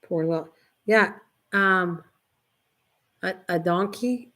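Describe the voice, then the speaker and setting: A woman's voice: mid-range voice, steady tone, moderate pace. An older woman hosting a casual craft livestream, chatting in a rambling way and reading viewers' comments aloud. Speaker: livestream host. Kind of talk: casual chat with live viewers.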